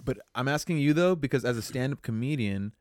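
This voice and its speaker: A man's voice: mid-range voice, animated, brisk, a little mellow, no echo, studio quality. A man hosting a podcast, asking questions in a hesitant, filler-heavy way. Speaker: podcast host. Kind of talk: casual podcast chat.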